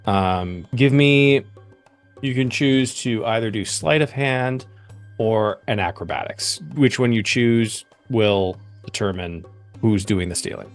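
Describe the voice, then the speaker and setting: Low-voiced man running a tabletop game. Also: takes it slowly, faint music behind. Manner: descriptive, with many ums and uhs. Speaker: game master.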